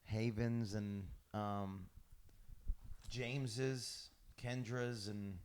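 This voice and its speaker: A man's voice: on the low side, fairly even intonation, extremely slow, darkish tone, smooth. Laid-back joking podcast host man. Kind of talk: casual chat.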